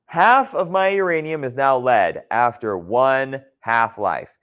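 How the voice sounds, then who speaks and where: A man's voice: medium pitch, expressive, slow, fairly bright tone. A man teaching a geology class in a conversational lecture style, often checking in with his students. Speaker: geology instructor.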